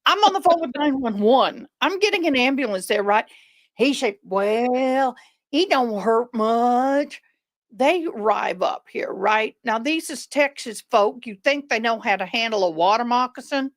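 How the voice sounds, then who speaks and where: A woman's voice: a little high, normal speed, few pauses. A woman chatting on a video call from home, telling a story and acting out the people in it. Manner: animated storyteller who acts out quoted people. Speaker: live-stream co-host. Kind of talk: casual video chat. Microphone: video call webcam.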